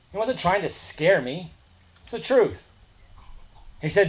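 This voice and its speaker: A man's voice: high-pitched, big pitch swings, takes it slowly, long pauses. A man telling his recovery story at a meeting in a candid, colloquial and emphatic way.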